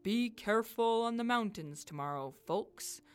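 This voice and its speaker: A woman's voice: a little high, animated, measured pace, smooth. A woman voicing a friendly TV newscaster giving a warning in a storybook reading, with an announcer-like delivery. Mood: cautionary. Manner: announcer-like, cautionary.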